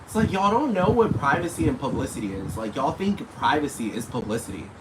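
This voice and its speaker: Talking a little fast in an animated, medium-pitched voice, this vlogger goes on a lengthy, profane rant to camera. He wanders from point to point and aims his words directly at those he's calling out, with hiss audible behind him.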